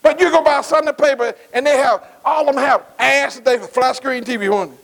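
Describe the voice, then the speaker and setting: A man's voice: extremely high pitch, brisk, vocal fry, fairly bright tone, low-quality recording. A middle-aged man preaching a sermon, asking his congregation questions and repeating phrases in a call-and-response cadence.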